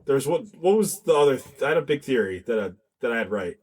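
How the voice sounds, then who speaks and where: A man's voice: medium pitch, animated, darkish tone, slightly rough. A man co-hosting a podcast, chatting eagerly about a film and chiming in with asides. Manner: eager, chimes in with frequent mm-hmms and quick asides. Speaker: podcast co-host. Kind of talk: casual movie review chat.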